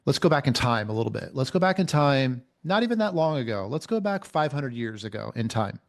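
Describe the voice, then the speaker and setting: A man's voice: medium pitch, big pitch swings, brisk. A man speaking as a guest coach on a men's mentoring video call, emphatic and repeating his key phrases. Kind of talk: motivational coaching talk.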